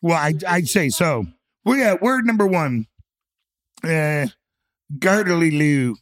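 Man on a radio show cracking jokes, kinda high voice, trips over words, dry room. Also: sing-song, slow pace, no echo. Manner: playful and jokey, stumbles over words. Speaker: show co-host. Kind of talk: casual radio show chat.

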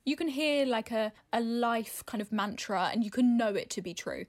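Animated woman, high voice. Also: normal speed. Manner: animated, laughs often, swears casually. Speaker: podcast co-host. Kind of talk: casual chat.

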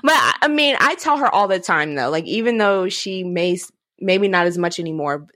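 Casting: woman podcast host, thirties, lower voice, laughs a lot, close and dry. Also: animated, moderate pace, pushed and bright, dry recording. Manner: laughs often, loose and chatty. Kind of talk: casual chat.

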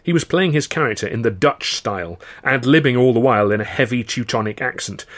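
A middle-aged man reading his own novel aloud in dry, measured first-person narration. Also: mid-range voice, a bit bright. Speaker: author and audiobook reader.

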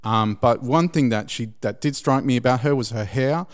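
A man telling a long personal story in casual chat, rambling and halting, with frequent restarts. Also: mid-range voice. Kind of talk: casual anecdote.

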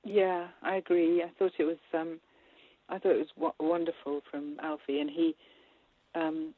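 Woman, film director, husky voice, chatty, laughs often, tinny phone-like line. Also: low voice, fairly even intonation, normal speed, dry recording. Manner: warm, chatty, laughs often, many hesitations. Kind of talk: casual interview chat.

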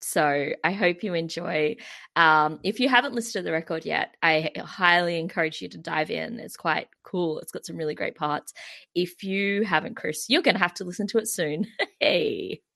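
A woman's voice: lowish voice, normal speed, vocal fry, a bit bright. An Australian woman co-hosting a podcast in casual chat, talking with many fillers and frequent giggles. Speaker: podcast co-host.

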